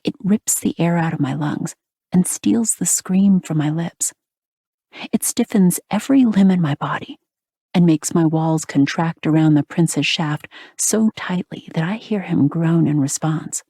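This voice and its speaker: Woman narrator, romance audiobook, husky half-whispered delivery, deep voice, dead-dry close mic. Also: unhurried, dark tone, no room sound. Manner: breathy, half-whispered intimate reading.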